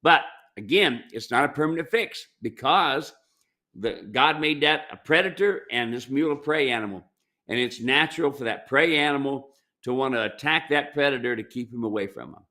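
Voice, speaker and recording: Speaking at normal speed, an American mule trainer who owns a ranch works through viewer questions there in a casual Q&A advice format. His plainspoken, folksy answers often turn into stories about working cattle, delivered in a bright, somewhat tense voice of typical male pitch.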